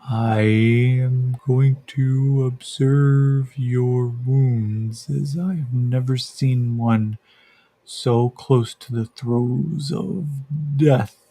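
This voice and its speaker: A man voicing a gentle, curious spider-like creature that speaks into a human's mind slowly and softly. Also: medium pitch, breathy edge, full character voice. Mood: calm curious. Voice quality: soft and gentle. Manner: slow, measured, calm. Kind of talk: voice heard inside the head.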